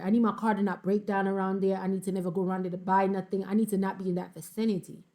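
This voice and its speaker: A young woman, reading viewer comments aloud in a sassy, animated casual commentary. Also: mid-range voice, quick pace. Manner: sassy, animated, laughs often.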